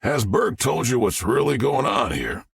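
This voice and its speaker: A man's voice: mid-range voice, very animated, moderate pace, gravelly, husky, dry recording, clean studio sound, pitched above the performer's own voice, exaggerated voice. A male narrator voicing a skeptical small-town sheriff who speaks bluntly.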